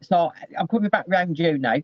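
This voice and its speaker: A man's voice: on the high side, animated, moderate pace, dry recording, muffled recording. A man giving a casual psychic reading over a video call, rambling and often breaking off with asides.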